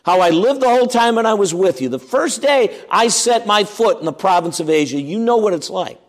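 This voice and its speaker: Male pastor, sermon delivery; emphatic, lively, bright-ish register, acts out voices of doubters. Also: high voice, brisk. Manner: animated, emphatic, swings between loud and quiet; acts out quoted objections. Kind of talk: expository sermon.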